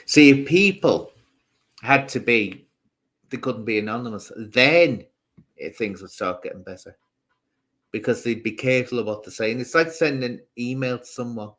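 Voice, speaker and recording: A man's voice: medium pitch, expressive, moderate pace, fairly bright tone. A man with a Scouse accent mixed with Southern Irish, hosting a casual live stream, rambling and answering comments from viewers.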